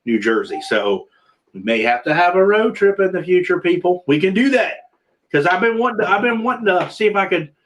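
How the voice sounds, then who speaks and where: A man's voice: on the high side, fairly bright tone. A man hosting a casual video-call chat, rambling and restarting his sentences often. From Pennsylvania. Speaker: podcast host.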